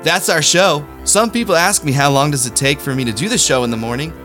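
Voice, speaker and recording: Bright-voiced deadpan comedy news host. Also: male voice, on the high side, brisk, soft background music. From Kansas City area. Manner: deadpan, self-deprecating asides. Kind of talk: satirical news monologue.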